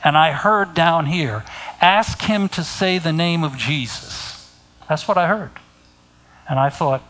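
A middle-aged man preaching a sermon, speaking deliberately and pointing his listeners to scripture. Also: a little high, fairly bright tone, low-quality recording.

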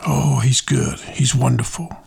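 A male pastor preaching a sermon in a fervent, conversational way, talking straight to his listeners and swinging between quiet reflection and loud praise. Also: medium pitch, sing-song, measured pace, gravelly, slightly rough.

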